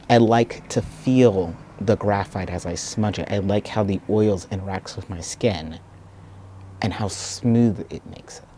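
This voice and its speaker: A man telling a personal story in a reflective, soft-spoken and earnest way. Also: on the low side, slight background noise. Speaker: video essayist.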